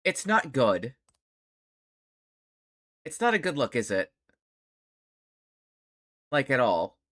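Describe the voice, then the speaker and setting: A streamer doing live gameplay commentary, reading dialogue aloud and reacting with loud laughs. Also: mid-range voice, very animated, slow pace.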